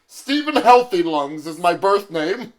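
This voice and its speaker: A man improvising a smooth-talking suitor who croons his lines and later coughs from smoking, in an audio comedy. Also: sits high, sing-song, a little slow. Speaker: improv performer.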